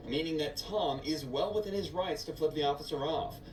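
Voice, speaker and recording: A man reading a scripted narration that explains the law step by step. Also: fairly high pitch. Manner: explanatory, measured legal breakdown. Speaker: video narrator. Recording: echoey distant voice-over with background hum.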